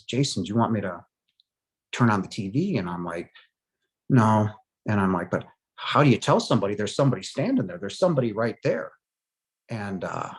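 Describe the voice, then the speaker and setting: With a voice on the low side, this middle-aged man stumbles emotionally through the tale of his near-death experience, pausing often and leaning on fillers.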